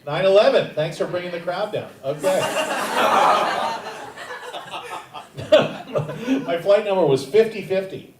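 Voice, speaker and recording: A man's voice: sits high, big pitch swings, takes it slowly, long pauses, distant mic, noisy background. A man emceeing a comedy showcase, upbeat and chatting with the audience. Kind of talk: emcee crowd work. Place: comedy theater stage. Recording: echoey theater from afar, loud crowd.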